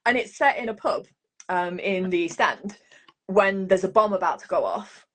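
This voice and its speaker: A woman's voice: medium pitch, animated, normal speed, a bit bright. A woman from England with a Leicester accent, chatting as a guest author over a video call, swearing freely and filling her talk with "like" and "you know". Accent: Leicester English. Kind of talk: casual video call chat.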